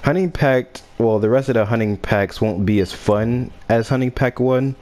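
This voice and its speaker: A man's voice: mid-range voice, moderate pace, a little mellow, a little hiss or hum. A man giving gameplay commentary on his own video, often groaning in exasperation at his friend. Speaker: gaming video creator.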